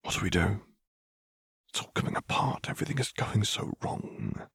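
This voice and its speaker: Guy doing a worn out idealistic lady sheriff, measured and formal, deep voice. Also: very animated, creaky, a bit bright, husky, no room sound, clean studio sound, heavily acted. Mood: weary. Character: weary earnest woman sheriff, formal and idealistic. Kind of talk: audiobook reading of fan fiction.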